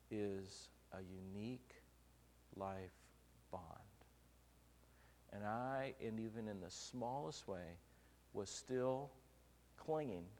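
A man preaching a sermon, telling humorous stories from his own marriage and swinging between loud and soft delivery. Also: mid-range voice, creaky, slight background noise. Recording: long reverb of a large hall.

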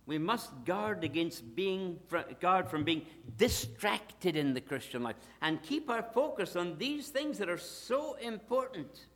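A man preaching a sermon, emphatic, swinging between loud declarations and hushed asides. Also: high-pitched, big pitch swings, unhurried, hardly any pauses, long reverb tail.

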